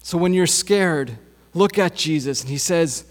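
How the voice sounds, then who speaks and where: A man preaching a sermon in a church, his slightly high voice carried by a long hall reverb. He moves at a very slow, deliberate pace and circles back to the same phrases. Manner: slow, repetitive preaching cadence. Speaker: pastor.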